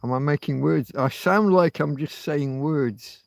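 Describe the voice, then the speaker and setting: Male livestream host, slow and gravelly, mutters and curses, dry close sound. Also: on the high side, dry recording. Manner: muttering, swearing, thinking aloud. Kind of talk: rambling casual livestream chat.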